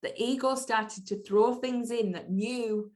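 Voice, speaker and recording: A woman's voice: on the high side, steady tone, slow pace, a little mellow. A woman hosting her own podcast, speaking in an earnest, emphatic motivational monologue and repeating key phrases for weight. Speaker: podcast host.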